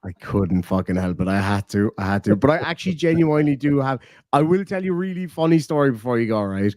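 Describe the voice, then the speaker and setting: A man's voice: medium pitch, animated, fast, a little mellow, dry recording, clean studio sound. A man hosting a casual late-night stream, telling stories with lots of swearing and laughter. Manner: profane, laughing storyteller. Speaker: streamer host.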